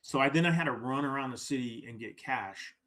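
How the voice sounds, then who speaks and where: Telling a story as a guest on a podcast, a man speaks briskly in a mid-range voice. He's casual and animated, performing the quoted lines and often adding "right?".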